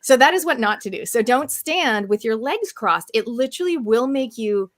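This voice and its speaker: A woman's voice: a little high, expressive, moderate pace. A woman hosting a video call chat, talking in a chatty way and telling stories with quoted asides. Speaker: host. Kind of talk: casual chat on a live stream.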